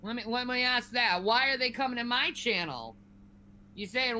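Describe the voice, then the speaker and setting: A woman's voice: a little high, moderate pace, bright, forceful tone, slight background noise. An enraged woman streamer in a furious, profane tirade, stammering as she repeats herself. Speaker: livestreamer. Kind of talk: angry livestream rant.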